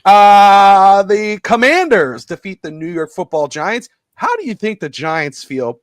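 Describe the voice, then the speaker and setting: Middle-aged sports show host guy, high voice, rambly and excitable, laughs a lot, dry close sound. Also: normal speed, dry recording. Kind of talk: casual live sports talk.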